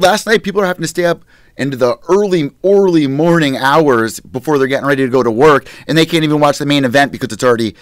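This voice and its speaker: A man's voice: mid-range voice, no room sound, studio quality. An American man hosting a podcast, chatting in an enthusiastic, profane, conversational way. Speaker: podcast host. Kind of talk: casual podcast chat.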